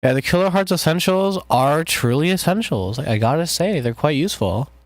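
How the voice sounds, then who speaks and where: Man, casual live-stream chatter, jokey, relaxed, talking while producing. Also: on the high side, fairly quick, no echo. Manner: relaxed, jokey, talks to chat while working.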